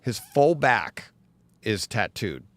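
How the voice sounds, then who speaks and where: A man in casual podcast chat, telling an animated story and acting out other people's lines. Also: lowish voice, slow, dry recording.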